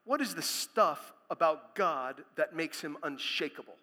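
A man preaching a sermon as pastor, speaking emphatically and building to loud proclamations. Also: on the high side, expressive, measured pace, big-room sound.

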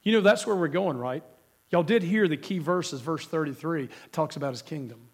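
A man's voice: fairly high pitch, moderate pace. A male pastor with a cold preaching a sermon, emphatic and asking the congregation questions. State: has a cold.

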